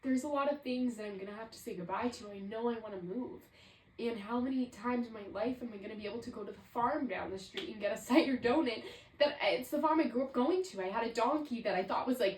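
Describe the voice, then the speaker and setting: A woman in her twenties talks a little fast at medium pitch, reflecting and rambling in a casual solo podcast monologue heavy with "like." The reverberant, poor-quality audio comes from a mic far away.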